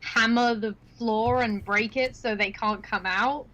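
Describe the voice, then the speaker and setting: A woman's voice: on the high side, fairly even intonation, a little slow, a bit bright, dull audio. A woman casually chatting and recapping a movie with a friend, laughing often and using slangy, blunt words. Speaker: stream host.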